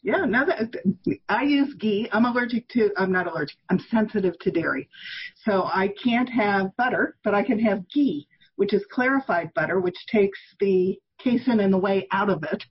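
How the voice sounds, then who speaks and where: A woman's voice: medium pitch, animated, normal speed, husky, lo-fi sound. A woman in her sixties, a guest on an interview podcast, explaining health views in an emphatic, opinionated way. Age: 60s. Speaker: guest, toxin elimination author.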